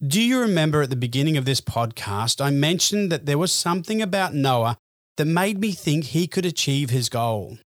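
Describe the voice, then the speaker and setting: A man hosting a podcast, reading a scripted narration in an earnest, measured way. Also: medium pitch, no room sound, studio quality. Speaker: podcast host.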